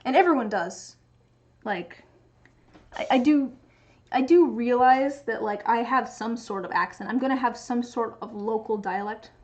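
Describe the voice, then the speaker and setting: A fairly high-voiced woman with a light Pacific Northwest American accent chats casually on a stream, wandering from thought to thought and often restarting her sentences. The sound is a bit dull and lo-fi. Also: measured pace. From Pacific Northwest, USA. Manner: chatty, rambling, many restarts. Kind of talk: casual chat while crafting.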